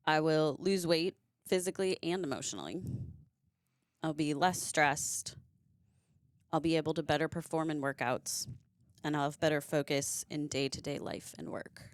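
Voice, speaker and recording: A woman who has children, a coaching client reading her written answers aloud in a calm, measured way. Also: low-pitched, no echo, studio quality. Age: young adult or middle-aged, has kids.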